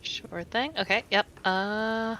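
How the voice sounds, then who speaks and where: A woman's voice: medium pitch, steady tone, slow, sharp tone, a little hiss or hum, low-quality recording. A woman playing an online tabletop game, chatty and laughing between lines. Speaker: player.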